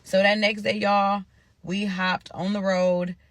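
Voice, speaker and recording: A woman from Omaha, Nebraska, does a casual storytime straight to her viewers, repeatedly calling them "y'all" with animated, profane energy. Her mid-range voice is bright and forward, she takes her time, and there's no room sound.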